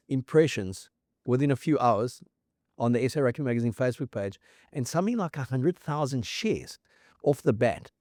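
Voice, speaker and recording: A man's voice: medium pitch, darkish tone, dry recording, studio quality. A man hosting a casual rugby chat, telling the story at length and reeling off scores and dates. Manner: fact-heavy storyteller, reels off scores and dates. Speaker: rugby podcast host.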